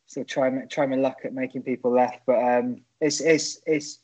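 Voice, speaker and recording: Rambling comedian telling stories. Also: male voice, medium pitch, steady tone, normal speed, a little mellow, highs cut off. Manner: rambling storyteller, frequent restarts. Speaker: stand-up comedian guest. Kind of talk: casual podcast chat.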